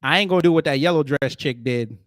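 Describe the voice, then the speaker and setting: Male commentator, slightly higher voice, animated and joking, breaks into shouts. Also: fast, no room sound. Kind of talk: casual reaction commentary.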